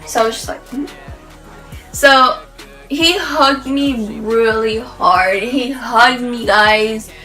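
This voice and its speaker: A woman's voice: fairly high pitch, slow pace, soft background music, low-quality recording. A woman vlogger telling a rambling, gushing story in a casual way, full of "like" and restarts. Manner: excited, rambling, gushing, heavy use of "like".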